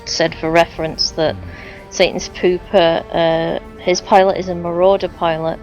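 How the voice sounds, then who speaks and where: A woman's voice: lowish voice, little pitch movement, normal speed, darkish tone, muffled recording, faint music behind. A woman on a gaming stream casually relaying chat messages with dry asides.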